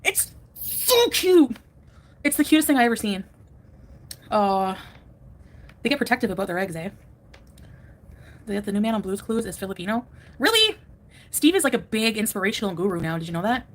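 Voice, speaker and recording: A woman's voice: medium pitch, brisk, long pauses, a little hiss or hum. A woman hosting a casual live stream from home, rambling, chatting with viewers and laughing often.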